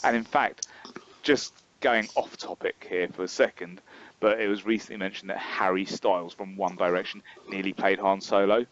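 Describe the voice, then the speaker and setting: A man's voice: sits low, fairly even intonation, moderate pace, fairly bright tone. A man co-hosting a podcast in casual chat, blunt and emphatic with frequent fillers, on a dull lo-fi recording. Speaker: podcast co-host.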